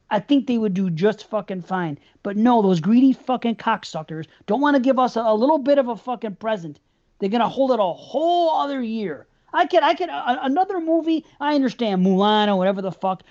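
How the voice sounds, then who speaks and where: A woman's voice: fairly high pitch, darkish tone. A woman co-hosting a podcast, ranting heatedly in casual talk, swearing constantly and repeating words. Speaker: podcast co-host. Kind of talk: casual profane rant. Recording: dull lo-fi sound.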